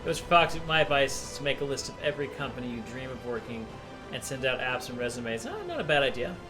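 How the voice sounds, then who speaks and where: A man's voice: medium pitch, very animated, fast, music in the background. A man co-hosting a live game stream, chatting casually and reading out messages from chat. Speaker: streamer co-host. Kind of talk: casual chat while gaming.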